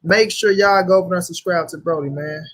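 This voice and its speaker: A man's voice: sits high, quick pace, a bit bright. A young man hosting a casual livestream, talking loosely in slang and greeting viewers by name. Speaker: livestream host.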